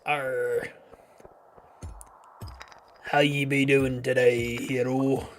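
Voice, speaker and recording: A man putting on a jolly male pirate voice that drifts into a Scottish lilt, halting as he hunts for pirate words. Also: mid-range voice, flat delivery, fairly bright tone, slight background noise. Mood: hearty. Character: jolly male pirate greeting his crew. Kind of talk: playful put-on voice on a game stream.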